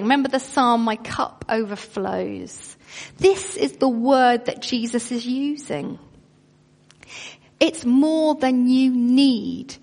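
Woman preacher, higher-pitched, emphatic sermon delivery, long hall reverb. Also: a little mellow. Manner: emphatic, slows down on key phrases.

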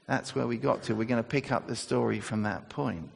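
A man's voice: medium pitch, a little fast, creaky, hardly any pauses, slightly rough. A man preaching a sermon, telling the story conversationally with fillers and restarts. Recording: echoey church hall.

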